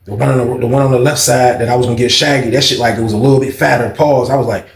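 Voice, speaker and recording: A man's voice: mid-range voice, steady tone, racing, vocal fry. A man telling a casual storytime story, slangy and profane, acting out each person's lines. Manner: slangy, profane, acts out every voice. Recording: echoey room, faint ambience.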